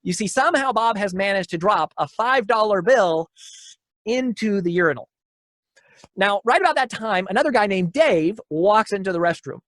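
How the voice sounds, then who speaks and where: A man's voice: high voice, expressive, normal speed, fairly bright tone, no room sound, studio quality. A man giving a motivational keynote talk, telling stories with energy, repeating his key lines and often restarting phrases.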